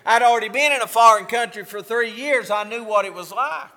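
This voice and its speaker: A man's voice: extremely high pitch, brisk, hardly any pauses, pushed and bright, long reverb tail. A man preaching a sermon as pastor, fervent and repeating his phrases for emphasis.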